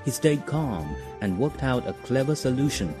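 A male narrator reading a children's story in an expressive, storybook manner. His voice rises and falls with lively inflection. Clear music runs underneath. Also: mid-range voice, moderate pace. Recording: music behind.

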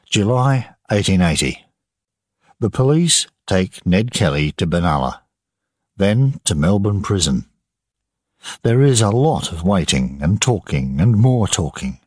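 A man narrating an audiobook for learners in a slow, measured reading. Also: sits low, husky, no room sound, clean studio sound.

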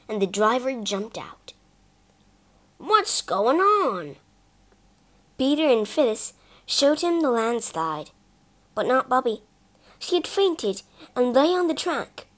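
A woman reads a children's story aloud for English learners, slowly and with great care. Her high voice swings widely to bring each scene to life. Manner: slow, expressive and careful. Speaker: narrator.

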